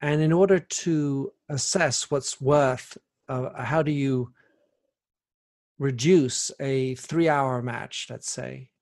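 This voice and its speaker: A man hosting a podcast interview works his way through long, winding questions. He restarts himself often and leans on fillers as he thinks aloud, in a voice of ordinary pitch for a man. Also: slow pace, darkish tone. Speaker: podcast host.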